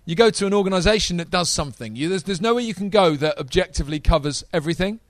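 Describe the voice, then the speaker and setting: Excitable preacher with a high voice. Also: male voice, fast talker, no echo. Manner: energetic, talks to the audience. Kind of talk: sermon.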